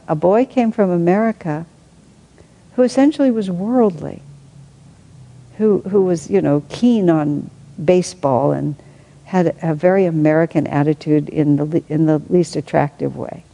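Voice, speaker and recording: A woman with a voice on the low side reads aloud from a spiritual book and adds her own reflective commentary, thinking aloud with soft laughs. The recording is rough.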